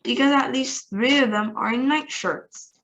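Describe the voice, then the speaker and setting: A woman's voice: on the high side, unhurried, fairly bright tone, lo-fi sound, pitched above the performer's own voice. A woman reading aloud, voicing an astonished male astronaut reporting from orbit. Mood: amazed. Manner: breathless, astonished.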